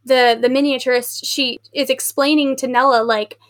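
A chatty woman on a casual book podcast, her voice sitting a little high. She rambles through her thoughts with plenty of "like"s and acts out what other people said. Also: fairly quick, few pauses. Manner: chatty, filler-heavy, animated retelling with acted quotes. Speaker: podcast co-host.

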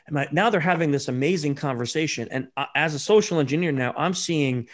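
Lively storytelling man, slightly high voice. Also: a little fast. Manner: animated, acts out quoted dialogue. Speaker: social engineer and author, guest. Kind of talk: interview storytelling.

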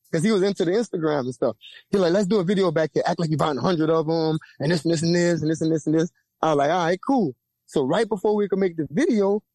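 A young man with a Louisiana accent tells a long story on a podcast, swearing freely and jumping into the voices of everyone in it. His voice sits fairly high for a man and swings widely in pitch. The recording is dry, with almost no room sound. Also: dry recording. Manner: lively, profane, acts out quoted voices with big pitch jumps. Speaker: podcast guest. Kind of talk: animated storytelling.

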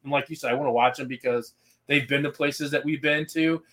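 A man hosting a podcast in casual chat, animated and acting out his reactions. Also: medium pitch, a little fast. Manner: animated, acts out yelling at his phone. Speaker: podcast host.

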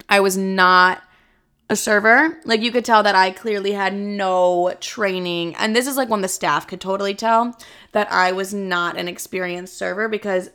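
A young adult woman telling a casual story about working as a server, animated, filling her speech with "like" and casual swearing. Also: mid-range voice, clear, resonant tone. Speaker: vlogger recounting past server job.

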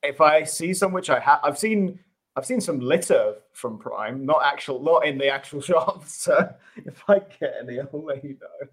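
A man's voice: fairly high pitch, animated, normal speed, fairly bright tone, slightly rough. A man with an English accent, a guest on a casual podcast, speaking in a laid-back, offhand way. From England.

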